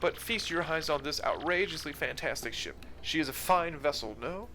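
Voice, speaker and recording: A grandiose male explorer with a fancy put-on accent, played by a man, strutting through every line. The tone is bright and forceful, and the pitch sits a little high. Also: expressive, normal speed, a little hiss or hum. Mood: pompous. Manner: pompous, grandiose.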